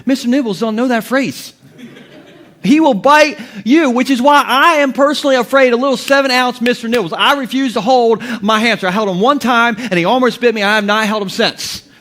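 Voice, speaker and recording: A man in his thirties delivers a sermon full of jokes and funny stories. His voice sits unusually high for a man. He laughs often as he preaches from the pulpit. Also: a bit bright. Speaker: pastor. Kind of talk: humorous sermon.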